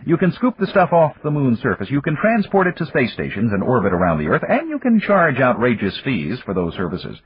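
A man's voice: mid-range voice, wildly swooping pitch, brisk, few pauses, breathy edge, voice pushed up, heavily acted. A man voicing a brash, confident male entrepreneur who teases and needles in a breezy way. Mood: needling. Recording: dull dry lo-fi recording.

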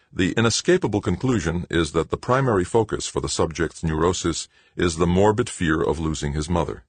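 Very deep, husky male audiobook narrator. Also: dry recording. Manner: measured, dramatic storytelling. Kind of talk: scripted narration.

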